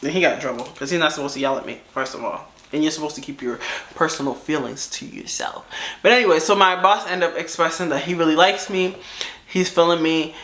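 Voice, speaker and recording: A young woman chatting through a storytime, animated and slangy, with a rambling delivery. Her voice is bright and sharp, and the room around her is roomy and echoey. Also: low-pitched, fast talker. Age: young adult. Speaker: storytime vlogger. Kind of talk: casual storytime chat.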